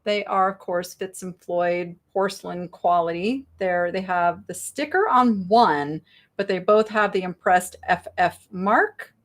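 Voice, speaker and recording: A middle-aged woman hosting a live online sale, chatting brightly with viewers and describing thrift finds. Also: on the low side, unhurried. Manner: chatty, bubbly, reads viewer chat aloud. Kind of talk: live-stream sales chat.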